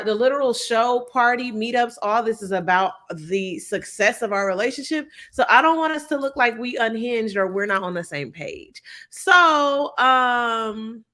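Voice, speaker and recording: A young woman chatting casually through a show recap, acting out what people said. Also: fairly high pitch. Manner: chatty, animated, acts out quotes. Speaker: reality show recap host. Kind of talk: casual chat, live recap.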